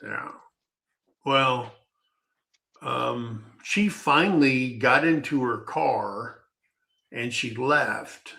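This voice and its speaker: A man talks slowly and unhurriedly, letting a personal story wander in a folksy, rambling way. His voice is bright and forward, and he often trips over his words and starts a sentence again. It feels like relaxed podcast chat rather than scripted delivery. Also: medium pitch, vocal fry. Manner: rambling, folksy, halting with restarts.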